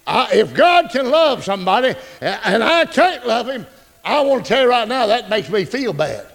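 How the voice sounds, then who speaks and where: A male pastor preaching a folksy, joking, animated sermon. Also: very high-pitched, moderate pace, vocal fry.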